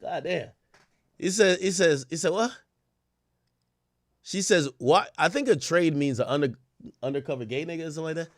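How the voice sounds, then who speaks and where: A man hosting a late-night stream, reading posts aloud and reacting with profane, animated commentary. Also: fairly high pitch, fast, dry recording, studio quality. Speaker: livestream host.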